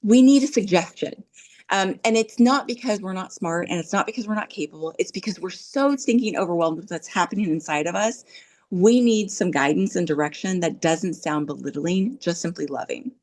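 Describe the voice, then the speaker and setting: A middle-aged woman chatting as a podcast guest, telling animated stories and often checking in with the listener. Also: on the low side, brisk. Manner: animated storytelling, checks in with "right?". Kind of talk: casual podcast chat.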